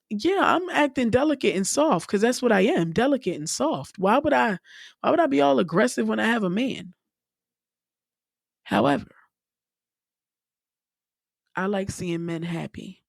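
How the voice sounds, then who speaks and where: A woman's voice: on the high side, vocal fry, no echo. Blunt, profane young woman podcaster, dry sound. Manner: blunt, profane, animated, laughs often. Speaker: podcast host. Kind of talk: casual solo podcast rant.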